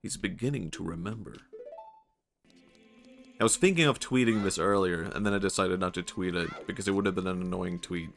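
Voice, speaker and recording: Man, Swedish accent, low gravelly voice, rambling jokey game stream, faint music behind. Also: brisk. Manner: rambling, jokey, laughs often. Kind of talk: casual gameplay commentary.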